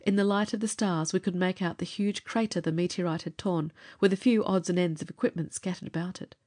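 Brief: female audiobook narrator, lower-pitched, steady dramatic reading. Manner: measured, expressive storytelling.

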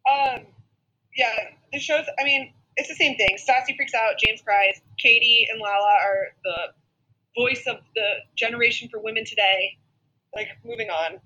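A woman co-hosting a podcast in casual chat, dry and quick with quips. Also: fairly high pitch, sharp tone, muffled recording. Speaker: podcast co-host.

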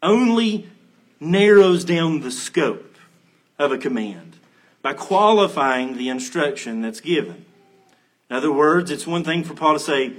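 A man preaching a sermon as pastor, earnest and emphatic, slowing down to stress key phrases. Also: medium pitch, expressive.

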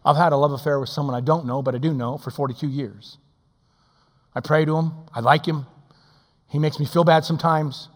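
Older assistant pastor, higher-pitched preacher, swings from booming to hushed, church reverb. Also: male voice, steady tone, fairly quick. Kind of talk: sermon. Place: church sanctuary.

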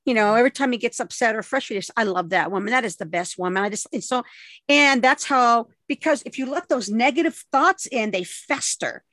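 A woman's voice: fairly high pitch, fairly quick, a bit bright, no room sound. A woman hosting an interview podcast, supportive and agreeing often in casual chat. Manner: supportive, frequent agreeing backchannels. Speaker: podcast host.

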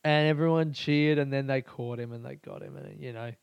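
A young Australian man with an Australian accent hosting a podcast, ranting excitably, swearing a lot and laughing often. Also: medium pitch, a little fast, gravelly, smooth, no echo. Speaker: podcast host. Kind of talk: casual podcast rant.

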